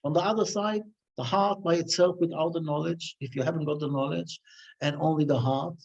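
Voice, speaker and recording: A man's voice: a little high, steady tone, a little fast, vocal fry, a little mellow. A man giving a weekly Torah class, telling stories with many restarts and fillers. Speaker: Torah teacher. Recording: dull lo-fi recording.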